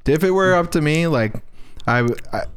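A man's voice: a little high, expressive, normal speed, noisy background. A young man from the northern United States, a podcast guest chatting casually with a friend, easygoing and laughing often. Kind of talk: casual chat.

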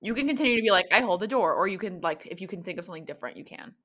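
A woman narrating as game master in a tabletop game, with a bright, clear tone. She talks casually and loosely, full of "like" and restarts. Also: medium pitch, lively intonation, rapid-fire. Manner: casual, filler-heavy narration.

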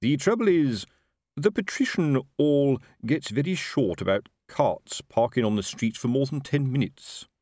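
A man's voice: medium pitch, expressive, unhurried, darkish tone, dry recording, studio quality, voice pushed up. A man voicing a blustering, self-important middle-aged sergeant in an audiobook, with a raised, wheedling voice. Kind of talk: audiobook character voice.

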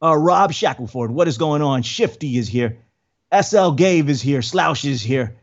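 A man's voice: on the high side, animated, moderate pace, lo-fi sound. A man hosting a casual livestream podcast, rambling and repeating words as he greets the chat. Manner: rambling, repeats words, friendly shout-outs. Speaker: podcast host.

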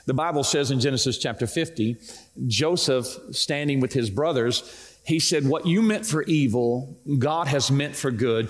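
A man's voice: medium pitch, big-room sound. A man hosting a Christian talk show, speaking in an encouraging, preacherly manner. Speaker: host.

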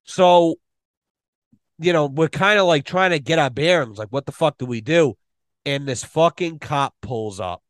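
A man telling a long story on a podcast, animated and full of swearing. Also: on the high side, unhurried, dry recording. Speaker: podcast guest. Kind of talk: casual storytelling.

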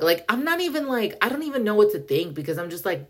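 A young woman hosting a podcast, telling a story in a profane, animated, dramatic rant full of slang and filler words. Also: mid-range voice, quick pace, hardly any pauses, husky. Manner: heavy slang, filler 'like'. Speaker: podcast host.

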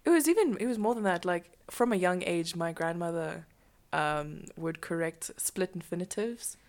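Young woman on a chatty podcast, giggles a lot, relaxed and casual. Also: on the low side, moderate pace. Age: young adult. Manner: giggly, laughs often. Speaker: podcast co-host. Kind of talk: casual chat.

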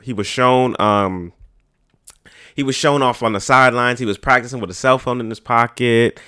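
A man's voice: mid-range voice, moderate pace, pushed and bright, clean tone. A man, hosting a podcast in a slangy, profane, rambling way. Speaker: podcast host. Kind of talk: casual podcast chat.

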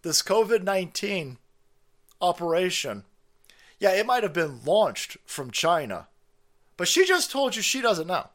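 A man's voice: high-pitched, big pitch swings, measured pace, fairly bright tone. A man hosting a stream, ranting in angry, swearing, mocking commentary on a played clip. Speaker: stream host.

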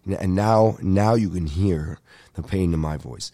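A man's voice: fairly low pitch, moderate pace. Ranting man. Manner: animated ranting with frequent profanity. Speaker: podcast host. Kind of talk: ranting comedic storytelling.

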